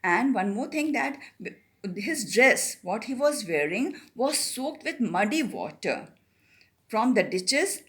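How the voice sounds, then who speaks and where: A middle-aged woman reads a story aloud and explains it to students, slipping into Hindi now and then. Her voice sits fairly high and rises and falls a lot as she talks. She goes slowly, repeating and rephrasing each line. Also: very animated, fairly bright tone. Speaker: teacher.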